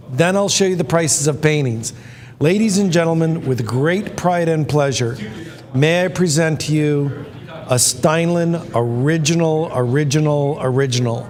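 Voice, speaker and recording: A man hosting a live art auction, presenting a painting in a chatty, enthusiastic storytelling way. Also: a little high. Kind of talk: presenting artwork on live stream. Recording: echoey hall with long reverb.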